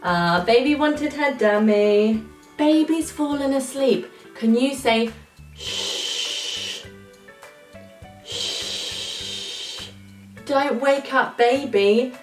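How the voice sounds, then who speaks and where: A British female children's presenter, teaching toddlers speech, speaks in a high, drawn-out, slow and exaggerated sing-song, often breaking into song. She's recorded slightly off-mic in a roomy space with faint music behind her.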